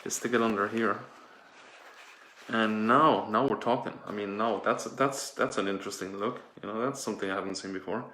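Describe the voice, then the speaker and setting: A man's voice: lowish voice, brisk, bright, forceful tone, slight background noise. A man playing a vain, gushing toilet paper fashion persona in a campy improvised comedy sketch at home. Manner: campy, breathless, gushing over his look. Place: home indoors. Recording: echoey room.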